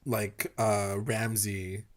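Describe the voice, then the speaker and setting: An enthusiastic co-host on a laid-back TV recap podcast. The voice has an ordinary middle pitch. The talk is loose and fast-flowing, full of "like", with the odd swear word. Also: level tone. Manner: casual and enthusiastic, heavy filler "like", mild swearing. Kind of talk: casual TV recap chat.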